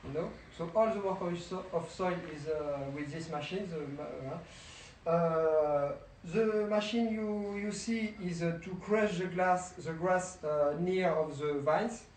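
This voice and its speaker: A young man speaks English with a clear French accent, pausing often and filling gaps as he searches for words. His voice sits high and he talks slowly. Faint outdoor ambience surrounds him. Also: a little mellow, a little hiss or hum, poor audio. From France. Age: young adult. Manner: halting, many filler sounds and restarts. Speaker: winemaker giving a vineyard tour. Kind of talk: casual guided talk. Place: outdoors in a vineyard.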